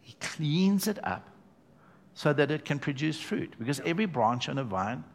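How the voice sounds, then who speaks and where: A man's voice: a little high, big pitch swings, moderate pace, gravelly. A man preaching a sermon to his church, emphatic and conversational, calling out to the congregation as he goes. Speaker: pastor.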